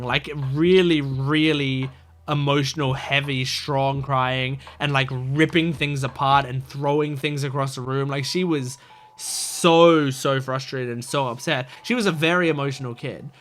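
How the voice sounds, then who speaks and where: A man's voice: mid-range voice, steady tone, a little slow, fairly bright tone. A man hosting a reaction video, talking through his thoughts casually with lots of fillers and restarts. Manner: rambling, filler-heavy, thinking aloud.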